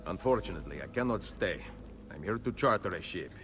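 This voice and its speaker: An actor playing a curt, confident Renaissance assassin. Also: male voice, deep voice, lively intonation, a little fast, music in the background. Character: male Renaissance assassin, terse and self-assured.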